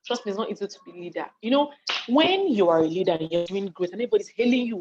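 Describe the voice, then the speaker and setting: A Nigerian woman speaks over a video call from her home study, in a voice of ordinary middle pitch that comes through a muffled, lo-fi line. She talks to her online audience in a lively, conversational way, acting out what people say and checking that they are following. She is hungry and keeps yawning. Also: quick pace, a little hiss or hum. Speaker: speaker on leadership and volunteering. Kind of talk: live online talk to an audience in a chat. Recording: dull lo-fi call audio.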